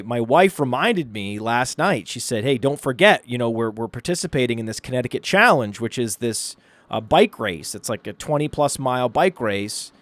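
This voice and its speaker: A man co-hosting a podcast, telling stories in an animated, ranting way. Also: mid-range voice, no echo. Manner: animated storyteller, rants excitedly. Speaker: podcast co-host. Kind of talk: casual podcast chat.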